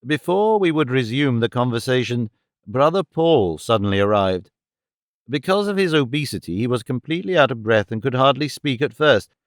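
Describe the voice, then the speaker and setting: Man, audiobook narrator, first person, even storytelling, dry recording. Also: mid-range voice, normal speed, dry recording.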